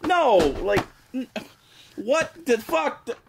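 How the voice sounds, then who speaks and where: A man's voice: very high-pitched, expressive, slow, creaky, noisy background. A young man reviewing a game in a sarcastic, exasperated rant full of swearing. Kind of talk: ranting comedic review.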